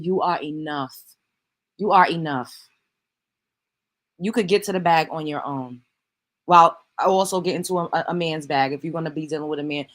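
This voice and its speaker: A woman's voice: lowish voice, a bit bright. Emphatic preachy woman commentator. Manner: preachy, emphatic, swears freely. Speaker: commentary host. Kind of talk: reaction commentary.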